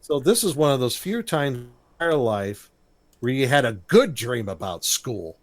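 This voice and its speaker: Lively male podcast co-host, recaps episodes with acted-out lines, pitch swinging widely. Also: measured pace, dry recording. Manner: animated storyteller, acts out character lines.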